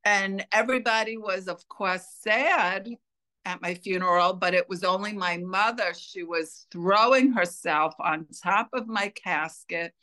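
A woman being interviewed, telling a personal story in an earnest, unhurried way. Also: medium pitch, pushed and bright. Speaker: interview guest.

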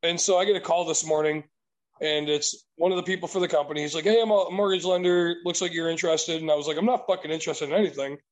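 A man with a high-pitched voice tells a long story in relaxed conversation. He swears freely and sounds exasperated throughout. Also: fast, rough recording. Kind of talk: casual chat.

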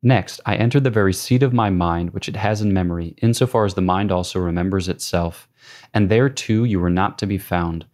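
A man giving a measured, prayerful scripted reading of a devotional classic. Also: deep voice, a little mellow. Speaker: reader.

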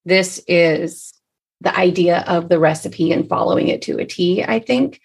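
A woman's voice: on the low side, a little slow, gravelly, husky. A woman hosting a podcast, asking her guest long, rambling questions. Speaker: podcast host. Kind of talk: casual podcast interview.

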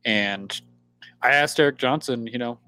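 A man giving relaxed, matter-of-fact commentary in casual podcast chat. His voice sits at a middle pitch, even and unforced. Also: unhurried, clean tone. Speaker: podcast co-host.

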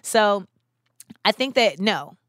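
Woman, podcast host, reflective, earnest, casual monologue, mid pitch, dry close recording. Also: expressive, slow, a bit bright, dry recording. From United States, of West Indian parents. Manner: earnest, thoughtful, uses fillers like "you know".

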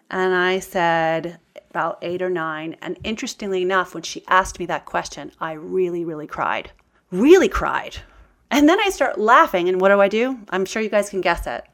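A woman's voice: fairly low pitch, normal speed, a bit bright. A middle-aged woman speaking candidly to her audience about healing, earnest and confiding, with emphatic outbursts. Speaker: self-help speaker.

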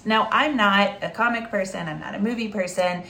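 A woman's voice: medium pitch, moderate pace, slight background noise. A woman, a special education advocate, telling a story in a casual monologue, chatty and full of fillers and restarts, acting out the voices she quotes. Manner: lively, acts out quoted speech.

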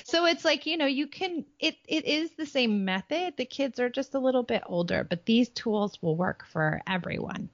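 A woman's voice: sits high, lively intonation, normal speed, hardly any pauses, dry recording. 40s woman parenting host, chatty and playful, dry dull-sounding recording. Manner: acts out playful silly voices when quoting parents. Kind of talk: casual conversational advice.

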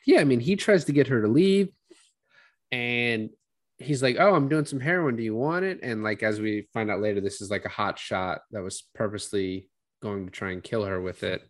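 A man's voice: fairly low pitch, normal speed. Man casually retelling a movie plot. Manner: casual storytelling with frequent "like" and quoted asides. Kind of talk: casual film discussion.

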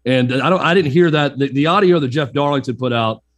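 A man of mid pitch co-hosts a sports talk show. He chats casually and jokes with the other hosts. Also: a little fast. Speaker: co-host.

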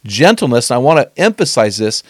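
A middle-aged man teaching on scripture in an earnest, conversational way, slowing down to stress key phrases. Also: mid-range voice, sing-song, no room sound, clean studio sound.

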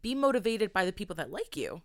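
A woman's voice: medium pitch, big pitch swings, fast talker, no echo, studio quality. A young woman co-hosting a podcast in casual chat, talking bluntly and animatedly and swearing freely. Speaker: podcast co-host.

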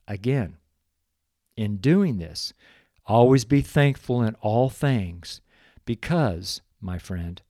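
Tearful, slow-speaking devotional podcast man. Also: mid-range voice, warm tone, dry recording, studio quality. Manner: emotional, tearful, slow and earnest. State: choked up with tears. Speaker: podcast host. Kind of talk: devotional prayer and testimony.

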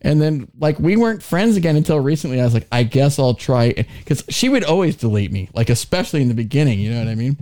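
A man's voice: medium pitch, fast talker, few pauses. A man co-hosting a podcast, telling crude comic stories with lots of laughter and acted-out quotes. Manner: animated, laughs often, acts out quoted voices. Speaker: podcast co-host. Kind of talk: crude comedic storytelling.

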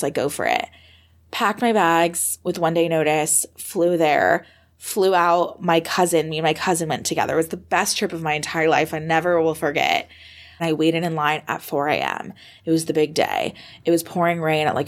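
A young American woman, a podcast guest, telling her story in a lively conversational way, full of "like" and acted-out moments. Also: low voice. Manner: animated, reenacts moments with fillers like "like".

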